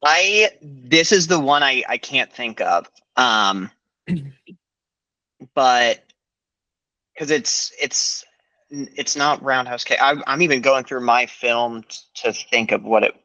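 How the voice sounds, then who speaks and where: A man's voice: medium pitch, takes it slowly, pushed and bright, no echo, poor audio. A man competing on a podcast game, hesitant and self-deprecating, full of fillers. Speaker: podcast contestant. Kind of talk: casual podcast chat.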